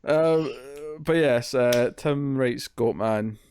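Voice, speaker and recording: A man hosts a horror movie podcast, chatting casually and rambling with lots of fillers and jokes. His medium-pitched voice is a little mellow and he takes his time, with a bit of hiss or hum in the recording.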